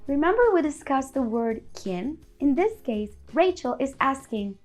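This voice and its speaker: A woman narrating a scripted language lesson in a clear, upbeat, explanatory way. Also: sits high, lively intonation, moderate pace, few pauses, darkish tone, soft background music. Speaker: language teacher.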